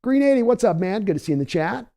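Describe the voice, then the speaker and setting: Mellow-voiced man hosting a football stream. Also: sits high, lively intonation. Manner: chatty and conversational, answering viewers by name; measured, thinking-aloud analysis with restarts. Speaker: live stream host. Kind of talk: casual live-stream football talk, reading chat aloud.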